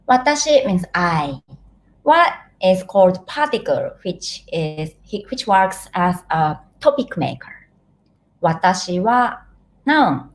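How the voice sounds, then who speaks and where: A woman from eastern Japan with a Japanese accent, teaching a live online language class and patiently saying each word slowly for learners to repeat. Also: on the low side, very animated. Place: home, living in Thailand.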